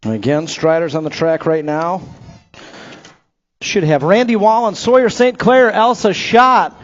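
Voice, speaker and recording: Live BMX motos are called by a race announcer on an outdoor track PA, moving through rider names and finishing spots with quick jokes in between. The sound is dull and lo-fi, public-address style, carrying a voice a little high for a man. His tone remains upbeat and conversational throughout.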